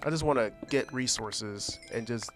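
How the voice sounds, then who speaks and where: A man's voice: medium pitch, moderate pace, a bit bright, faint music behind. A man giving casual, rambling commentary while he plays a modded block-building game, thinking aloud and trailing off into restarts. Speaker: gaming channel host.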